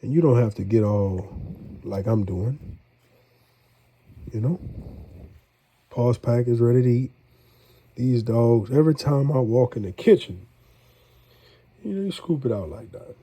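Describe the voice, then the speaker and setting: A man's voice: mid-range voice, expressive, measured pace, pauses often, warm tone, slight background noise. A middle-aged man, congested, chatting in a rambling, folksy way as he cooks for a vlog. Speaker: home cook. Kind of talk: casual cooking vlog.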